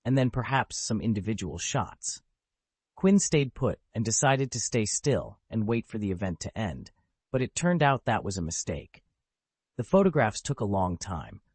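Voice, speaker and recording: Husky low-voiced male audiobook narrator. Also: no echo. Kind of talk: scripted narration.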